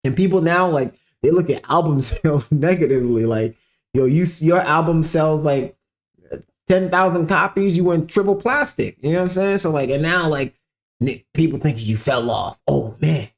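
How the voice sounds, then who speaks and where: A man hosting a casual music reaction commentary, rambling with lots of fillers and sudden animated outbursts. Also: a little high, moderate pace. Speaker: commentary show host.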